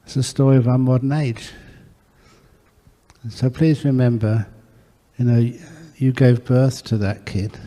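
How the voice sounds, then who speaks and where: A Buddhist monk giving an earnest storytelling talk, answering questions from a meditation audience. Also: male voice, mid-range voice, steady tone, a little slow, long pauses, dark tone. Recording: echoey hall.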